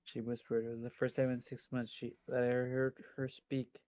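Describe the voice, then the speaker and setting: A man's voice: medium pitch, completely flat delivery, moderate pace, mellow, no echo. A man streaming a visual novel, reading its first-person narration aloud dramatically. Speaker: game streamer.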